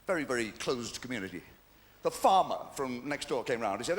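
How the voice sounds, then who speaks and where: A man's voice: medium pitch, big pitch swings, brisk. An English man in his sixties doing live stand-up comedy, chatty and cheeky with well-timed punchlines, on stage at a large venue.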